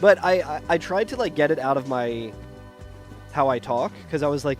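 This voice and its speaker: A man's voice: medium pitch, very animated, a little fast, faint music behind. A tired man with a Philadelphia Delco accent chatting casually while he streams a game, rambling and profane, and mocking himself. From Pennsylvania, United States. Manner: rambling, profane, self-deprecating. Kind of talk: casual live-stream chat while gaming.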